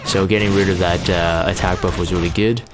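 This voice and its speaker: Sleepy, low-voiced man commentating a game. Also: fairly quick, noisy background. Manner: relaxed, many fillers and restarts. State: sleepy, just woke up. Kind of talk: casual gameplay commentary.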